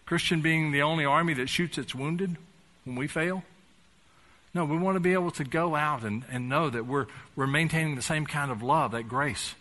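A man's voice: fairly high pitch, moderate pace, bright, forceful tone. A man preaching a sermon as pastor, talking in a conversational, folksy way with touches of humor and building to fervent emphasis.

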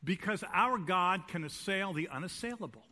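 Bright-voiced preacher, a man pitched high. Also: animated, moderate pace. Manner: emphatic preaching, swinging between loud declarations and hushed lines; direct, asks the congregation rhetorical questions. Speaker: pastor. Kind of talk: sermon. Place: church sanctuary.

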